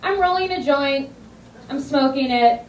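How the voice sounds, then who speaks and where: A woman's voice: sits high, measured pace. A young woman telling brash stories with punchlines in a stand-up comedy set on a club stage. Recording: roomy distant club recording. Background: audience laughter and room noise.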